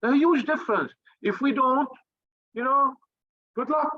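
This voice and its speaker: Male speaker, high pitch, combative and profane, hammers his points by repeating them, muffled lo-fi recording. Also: a little slow. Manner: blunt, profane, combative, emphatic repetition. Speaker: think tank leader. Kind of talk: fiery motivational talk.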